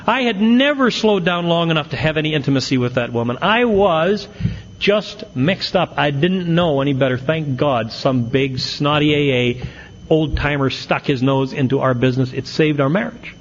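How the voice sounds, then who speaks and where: A man's voice: fairly high pitch, normal speed, dull audio, a little hiss or hum. A middle-aged man giving a humorous recovery talk, telling stories and acting out the quotes. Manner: storytelling with punchlines, acts out quotes. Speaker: AA speaker.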